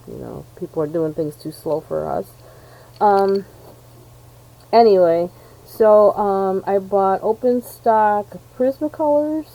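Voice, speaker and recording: A woman's voice: mid-range voice, dark tone, poor audio. An American woman from New York State, chatting casually while unboxing art supplies, full of ums and self-deprecating asides. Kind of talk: rambling casual chat.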